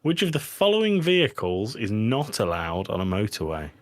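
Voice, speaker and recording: A man co-hosting a podcast, bantering with friends in an animated, teasing way and swearing freely. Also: fairly low pitch, normal speed, no room sound, studio quality. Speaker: podcast co-host. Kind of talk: casual banter.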